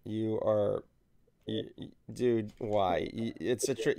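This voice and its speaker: Gravelly young man, teasing host. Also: on the low side, slow pace. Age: 20s. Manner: teasing, animated, swears freely. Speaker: podcast host. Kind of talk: casual chat.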